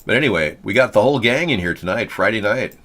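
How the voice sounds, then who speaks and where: Low-voiced rambling joking male host. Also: animated, fast, fairly bright tone. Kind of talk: casual political talk show commentary.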